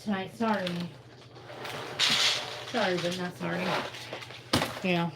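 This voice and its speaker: A woman's voice: fairly low pitch, steady tone, takes it slowly, creaky, very noisy. A tired woman in pain, chatting bluntly and swearing through a casual livestream.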